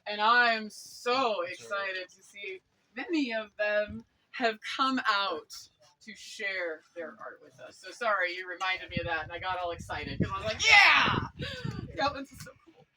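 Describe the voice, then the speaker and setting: A woman giving an excitable speech at an outdoor event, laughing often and breaking into quoted exclamations. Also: medium pitch, normal speed, poor audio. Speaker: speaker at a medieval society court. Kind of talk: enthusiastic public address.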